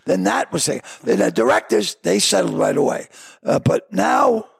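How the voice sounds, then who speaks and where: A man with a Boston accent, a comedian guest telling stories in a casual interview, animated and prone to stammered restarts. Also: high voice, normal speed, gravelly, breathy edge, no room sound, studio quality. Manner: animated storyteller who stammers on restarts and acts out quotes.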